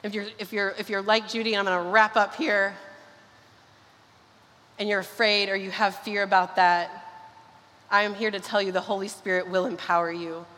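A woman's voice: mid-range voice, flat delivery, pushed and bright. A woman pastor preaching a sermon and leading a prayer, earnest and fervent. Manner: earnest, fervent, with quick bursts. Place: large church hall. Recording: long reverb of a church hall.

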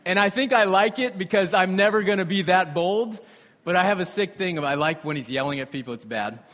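A young man preaching a sermon with animated storytelling and conversational asides to the congregation. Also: sits high, fairly quick. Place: church sanctuary. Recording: reverberant hall.

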